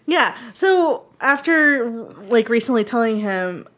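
A woman's voice: on the high side, takes it slowly. A woman in casual podcast chat, telling a dating story, acting out quotes and swearing freely. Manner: animated, swearing, acts out quotes.

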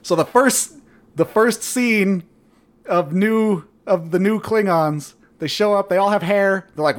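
A man co-hosting a podcast, giving a sarcastic, profane and animated retelling in casual chat. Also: high voice, measured pace. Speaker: podcast co-host.

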